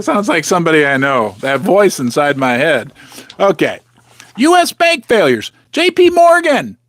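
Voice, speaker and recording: A man's voice: very high voice, a bit bright. A man hosting a casual, rambling commentary from his basement, talking straight to his viewers with sarcastic asides and muttering to himself. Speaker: host of a precious metals channel. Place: home basement.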